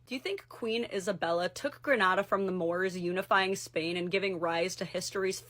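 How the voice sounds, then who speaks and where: A bright-voiced woman delivering punchy scripted commentary. She sounds sassy and sarcastic, and she leans hard on her words. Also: on the low side, normal speed. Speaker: video commentator.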